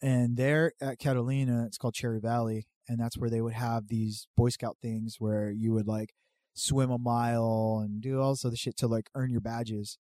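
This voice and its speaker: Foul-mouthed man with a mellow voice. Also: mid-range voice, moderate pace, dry recording. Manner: profane, animated storytelling. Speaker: podcast guest telling a story. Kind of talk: casual chat.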